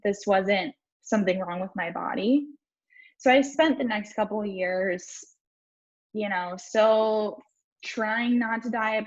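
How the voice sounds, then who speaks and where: Young woman, life coach, breathy voice, frank and casual, dull lo-fi stream sound. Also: medium pitch. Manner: frank, swears casually, talks straight to viewers. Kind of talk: candid personal story on a live stream.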